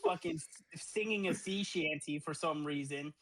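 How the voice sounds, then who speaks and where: A young man in his twenties, co-hosting a podcast and telling a profane, animated party story with acted-out quotes. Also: on the high side, moderate pace, vocal fry, no room sound, rough recording. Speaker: podcast co-host. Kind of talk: casual storytelling.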